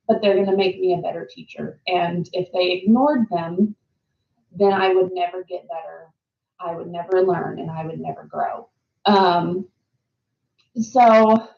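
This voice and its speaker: A woman's voice: medium pitch, gravelly. A woman hosting a casual reflective monologue, rambling with frequent ums and repeated words. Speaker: host of a reflective talk series. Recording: roomy, slightly dull lo-fi recording.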